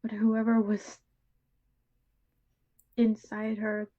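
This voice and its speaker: A woman voicing a troubled teenage fey schoolgirl in a tabletop game, speaking low and half-whispered. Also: completely flat delivery, drawn-out words, warm tone, dull audio. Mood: confiding. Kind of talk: tabletop role-play.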